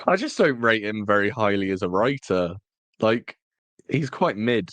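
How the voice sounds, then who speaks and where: A man's voice: on the low side, expressive, a little slow, fairly bright tone, no room sound. A man co-hosting a podcast, chatting casually with wry, teasing humor. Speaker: podcast co-host. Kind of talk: casual chat.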